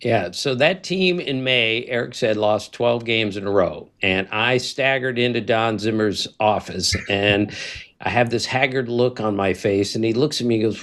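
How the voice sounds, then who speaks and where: An older man, a baseball writer, telling lively anecdotes in a podcast chat, acting out quotes and laughing often. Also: mid-range voice, moderate pace.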